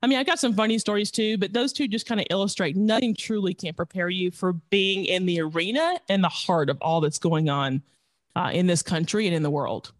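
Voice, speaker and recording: A man's voice: high-pitched, a little fast, no room sound. A man from Tennessee telling stories in a casual interview, acting out quoted lines. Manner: animated anecdote teller who acts out quotes. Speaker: podcast guest, former congressional staffer.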